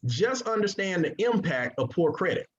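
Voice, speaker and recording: A man giving an energetic sales presentation, drawing call-and-response from his audience. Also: sits high, moderate pace. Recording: dull lo-fi recording.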